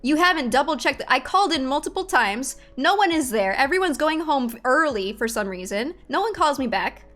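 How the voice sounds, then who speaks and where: A woman's voice: high-pitched, animated, moderate pace, hardly any pauses, fairly bright tone, soft background music. A young woman streamer chatting casually to her viewers, venting with exasperation, swearing freely and laughing in disbelief.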